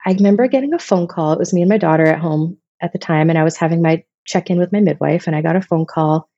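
A woman's voice: on the low side, fast talker, mellow, dry recording, dull audio. A woman in her thirties from Vermont, telling personal stories in a casual, emotional, rambling way as a podcast guest. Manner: emotional, rambling, many restarts.

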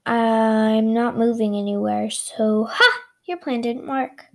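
A woman's voice: fairly high pitch, steady tone, takes it slowly, fairly bright tone. A woman voicing a boastful runaway turkey who teases the people chasing it, in a told story. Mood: smug. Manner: taunting, sing-song boasts.

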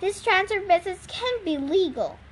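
A woman doing a sharp bossy teen girl. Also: very high-pitched, expressive, voice pushed up. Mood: brisk. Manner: hissing, brisk.

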